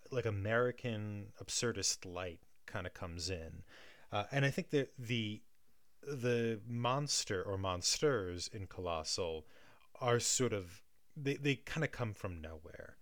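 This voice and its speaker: A man with a somewhat low voice talks through his ideas in a relaxed, analytical chat. He restarts his sentences often and keeps checking in with "right?". The sound is dry and close. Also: dry recording. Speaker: guest discussing film and theatre.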